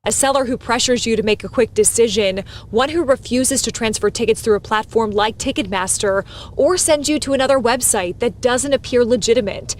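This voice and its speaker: A woman reporting a TV news story in a measured, scripted delivery. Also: a little high, slight background noise.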